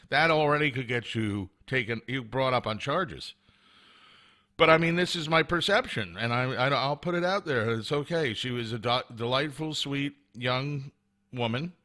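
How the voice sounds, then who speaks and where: Male podcast host, bright, rambling, self-mocking storyteller. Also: mid-range voice. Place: at home with a cat. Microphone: camera set up at home.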